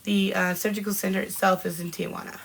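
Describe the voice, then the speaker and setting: Hosting a live podcast stream, this Washington State woman in her 40s reads out comments in casual chat, laughing a lot and welcoming viewers by name. She talks fast in a creaky, mid-range voice that barely moves in pitch. The recording is low quality.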